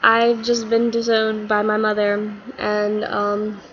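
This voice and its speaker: A woman's voice: medium pitch, monotone, slow, highs cut off, slight background noise, natural voice. A woman voicing a sad, confused schoolboy who keeps getting in trouble, in a whiny, self-pitying way. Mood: glum.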